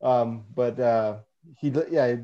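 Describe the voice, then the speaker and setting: A man's voice: mid-range voice, steady tone, takes it slowly, dull audio. A man co-hosting a casual hockey podcast, chatty and self-deprecating, leaning on "like". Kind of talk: casual chat.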